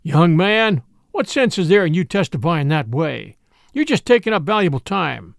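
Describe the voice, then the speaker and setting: Man doing a blustering frontier judge, commanding, folksy, gravelly, dry. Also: fairly high pitch, big pitch swings, moderate pace, no echo. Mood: domineering. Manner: loud, commanding, folksy drawl.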